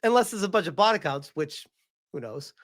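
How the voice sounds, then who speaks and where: A man's voice: on the high side, lively intonation, fairly quick, fairly bright tone. Heated, profane male commentator. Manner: heated, profane, reads article quotes aloud. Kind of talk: reaction commentary.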